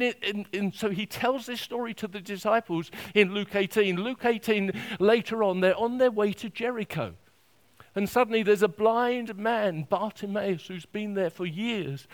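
A man preaching a sermon, emphatic and repetitive, swinging from quiet to loud. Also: high-pitched.

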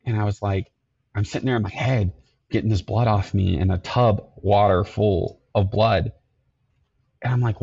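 Low raspy guy, earnest, stops and restarts a lot, dull dry sound. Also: warm tone. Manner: earnest, halting, repeats himself. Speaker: podcast guest, security company owner. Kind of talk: telling his life story.

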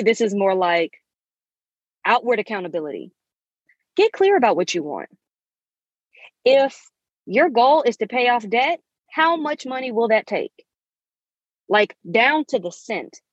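A woman's voice: medium pitch, breathy edge, dry recording. Woman, 30s, podcast host, emphatic motivational monologue, muffled and dry recording. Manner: emphatic, preachy, uses endearments.

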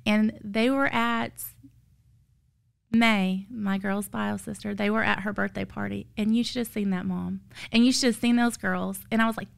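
A woman in her thirties with a drawl and a fairly high, gravelly voice. She speaks as a tired foster mother giving a heartfelt testimony, earnest and emotional, building to emphatic peaks.

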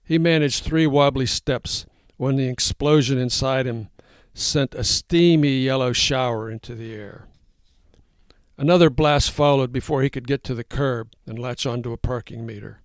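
A man reading his own first-person story aloud, with a wry tone and lively voices for the dialogue. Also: mid-range voice, normal speed, dry recording, studio quality.

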